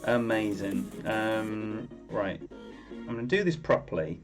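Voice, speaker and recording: A man's voice: lowish voice, steady tone, unhurried, over music. A man commentating on his own game play during a live stream, chatty and rambling as he greets viewers by name.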